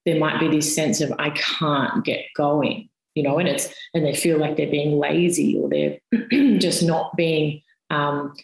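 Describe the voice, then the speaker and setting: A woman's voice: deep voice, steady tone, a little slow, creaky, darkish tone. A woman, a physiotherapist guest on a podcast, explaining things step by step with everyday comparisons. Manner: patient step-by-step explaining with analogies. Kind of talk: explanatory interview talk. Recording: roomy echoey sound.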